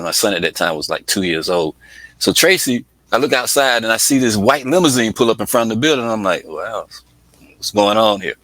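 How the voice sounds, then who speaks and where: A lowish, bright, forceful male voice comes through a dry, poor-quality recording. He's a middle-aged Atlanta music project manager guesting on a casual interview, telling stories with lots of laughter and voice impressions.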